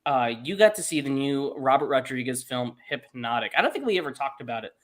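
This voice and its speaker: A man's voice: mid-range voice, expressive, brisk. Upbeat, jokey male podcast co-host. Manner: upbeat, jokey, laughs often. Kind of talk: casual chat.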